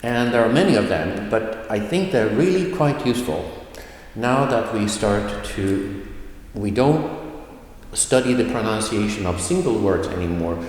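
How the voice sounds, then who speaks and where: Slow-speaking man teaching in an echoey room. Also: fairly low pitch, lively intonation, a little mellow. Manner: slow, careful explanations with modeled Swedish example sentences. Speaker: language teacher. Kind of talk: video lesson. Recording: very echoey room with long reverb.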